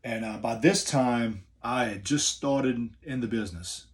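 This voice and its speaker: A man's voice: medium pitch, unhurried. Rambling middle-aged New Orleans man. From New Orleans area, USA. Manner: laid-back, rambling, many fillers. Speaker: professional wrestler. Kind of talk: casual storytelling.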